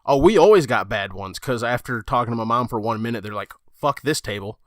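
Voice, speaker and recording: A man's voice: mid-range voice, lively intonation, fairly quick, no room sound, studio quality. A man on a gaming podcast, telling a story in casual chat and swearing freely. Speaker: podcast co-host.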